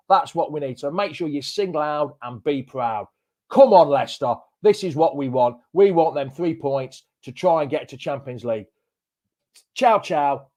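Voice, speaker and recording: A chatty man hosts a live fan chat show, full of matey banter. His voice sits a little high for a man, and he rattles along cheerfully. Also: darkish tone. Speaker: host.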